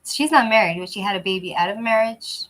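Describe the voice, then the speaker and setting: A woman's voice: mid-range voice, fairly quick, fairly bright tone, low-quality recording. A woman hosting a casual livestream chat, rambling and restarting as she talks to viewers through a cheap, lousy microphone. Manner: rambling, loose and chatty, often restarting. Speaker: channel host chatting with viewers.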